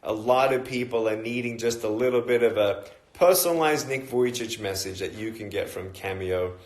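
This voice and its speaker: A middle-aged Australian man chatting casually on a phone livestream, greeting viewers by where they are and filling pauses with ums and uhs. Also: mid-range voice. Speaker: motivational speaker. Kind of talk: casual live-stream chat.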